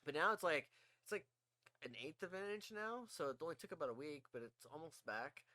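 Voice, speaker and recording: A man's voice: on the high side, big pitch swings, a little fast, bright, forceful tone, dry recording. A man co-hosting a podcast, chatting casually, laughing often and swearing as he rambles through stories. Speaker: podcast co-host. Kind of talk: casual chat.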